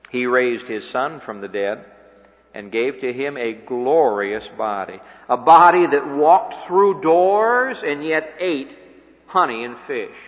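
A man's voice: mid-range voice, a bit bright. A man preaching a sermon, dramatically acting out imagined dialogues in a dull old broadcast recording with reverb.

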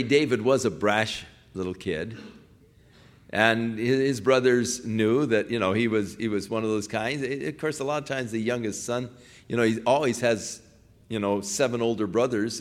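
A medium-pitched male preacher brings a Bible story to life in his sermon, folksy and animated, mixing passages of scripture with everyday rewording.

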